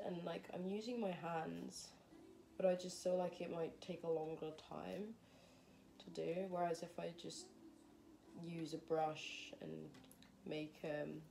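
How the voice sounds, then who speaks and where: A woman's voice: lowish voice, creaky, warm tone, a little hiss or hum. A young woman, a fashion design student, chatting casually and thinking aloud while she works on a project, often poking fun at herself. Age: young adult. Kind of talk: casual vlog narration while crafting.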